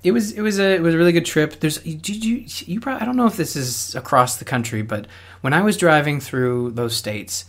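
A man's voice: a little high, a little fast. Young Canadian man, Canadian accent, chatty rambling storyteller. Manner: rambling storyteller, lots of restarts and fillers. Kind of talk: casual chat.

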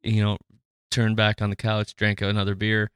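A man co-hosting a podcast, chatting casually, excitable and jokey. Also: on the low side, normal speed, smooth, dry recording, clean studio sound. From Irish descent. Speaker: podcast co-host.

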